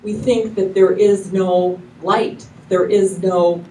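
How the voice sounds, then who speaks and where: A woman's voice: mid-range voice, steady tone, slow, mellow. A woman minister giving a casual, effusive sermon to her congregation, rambling loosely and restarting her sentences often. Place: church hall with live congregation. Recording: echoey hall, mic from far off, faint noise.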